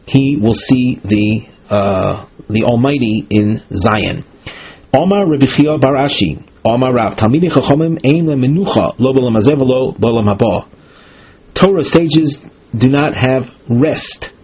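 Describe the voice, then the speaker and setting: Man, Talmud teacher, hesitant explaining, breathy, dull recording. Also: medium pitch. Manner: reads Hebrew-Aramaic phrases, then explains with many "uh" pauses. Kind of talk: text study lesson, reading and translating.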